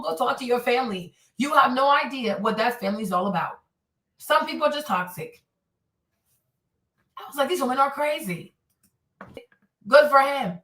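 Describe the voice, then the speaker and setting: Animated woman host, bright and echoey. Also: high-pitched. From Northern Virginia, USA. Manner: animated, indignant storytelling with acted-out quotes. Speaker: commentary show host. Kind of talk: casual opinion commentary. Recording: echoey room, voice a bit far from the mic.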